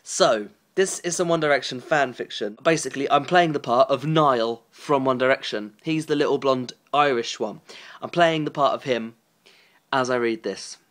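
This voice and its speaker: A man's voice: medium pitch, normal speed, fairly bright tone. A young man vlogging, making casual comic commentary with wry, giggly asides.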